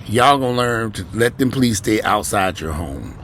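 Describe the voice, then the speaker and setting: A man's voice: lowish voice, moderate pace, slight background noise. Profane man ranting blunt to camera. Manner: profane, blunt, animated rant with sudden loud rises. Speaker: vlogger. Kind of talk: ranting monologue to viewers. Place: at home.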